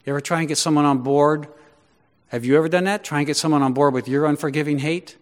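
Emphatic preacher with a high-ish voice. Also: male voice, steady tone, fast, long reverb tail. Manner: emphatic, full of rhetorical questions. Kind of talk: sermon.

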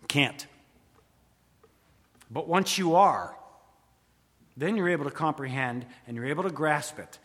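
A man preaching in a large hall, his slightly high voice ringing out with a long reverb tail. He preaches with drama, rising to loud emphasis and then dropping to hushed, intimate asides. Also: a little slow, long pauses, breathy edge. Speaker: pastor. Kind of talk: sermon.

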